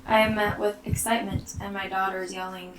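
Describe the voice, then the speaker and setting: A woman, a mother, tells her own story in a slow, soft and halting way, often near a whisper. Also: medium pitch, level tone. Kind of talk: personal storytelling. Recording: roomy, distant mic, faint background noise.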